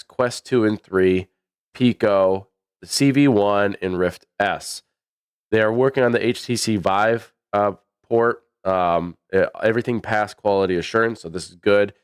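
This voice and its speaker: A man with a baritone voice giving chatty, rambling livestream commentary on a match, with many fillers. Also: clean tone, no echo, clean studio sound. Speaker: esports commentator.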